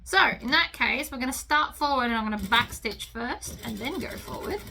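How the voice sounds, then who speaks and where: A woman's voice: on the high side, lively intonation, normal speed, noisy background. A woman hosting a sewing tutorial, chatting casually and talking to herself as she stitches, cheerfully pleased with her work. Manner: chatty, talks to herself while working, enthusiastic about her stitching. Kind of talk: relaxed instructional sewing talk. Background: sewing machine running.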